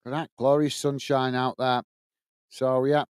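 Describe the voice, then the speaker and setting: A man's voice: medium pitch, level tone, measured pace, smooth, dry recording, clean studio sound. A man hosting a live football watch-along, chatting to viewers and reading their comments aloud. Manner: chatty, addresses viewers as guys and mate.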